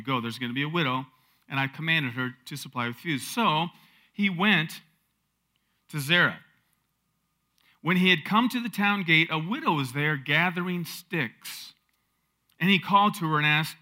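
A man's voice: fairly high pitch, moderate pace, long pauses. A man preaching a conversational sermon, retelling a Bible story with rhetorical questions and sudden swells of emphasis. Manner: drops soft for tender lines. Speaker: pastor.

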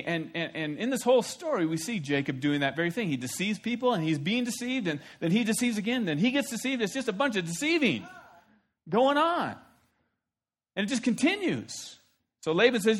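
A male pastor, voice sitting a bit on the higher side, preaches through a scripture passage verse by verse. He is animated and playful, chuckling often and leaning on rhetorical questions. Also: normal speed. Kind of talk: sermon.

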